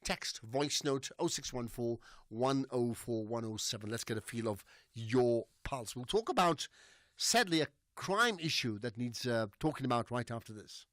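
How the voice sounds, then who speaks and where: A man's voice: mid-range voice, lively intonation, normal speed, a bit bright, no echo, studio quality. Chatty radio host, man. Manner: chatty and conversational, inviting callers. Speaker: radio talk show host. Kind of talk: casual radio talk.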